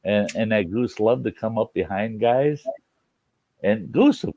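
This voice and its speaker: A man's voice: fairly low pitch, expressive, measured pace, vocal fry, warm tone. A man hosting a late-night live stream. He tells stories in casual chat, laughs often and swears freely. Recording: dull lo-fi stream audio.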